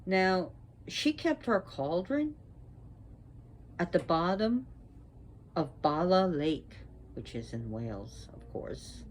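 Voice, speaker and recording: Low-pitched woman, priestess giving a talk, unwell and short of breath, slow and halting, faint noise in the background. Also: big pitch swings. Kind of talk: spoken talk on mythology.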